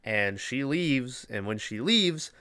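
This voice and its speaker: A man's voice: medium pitch, lively intonation, slow pace, pushed and bright, clean tone, no room sound. A man hosting a podcast, casually retelling a movie plot in a rambling, profane way with lots of fillers. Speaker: podcast host.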